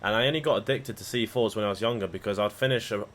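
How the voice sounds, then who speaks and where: A man's voice: on the low side, very fast. A man chatting casually on a livestream, rambling and swearing freely as he talks to his viewers. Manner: rambling, profane banter. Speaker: live trading streamer.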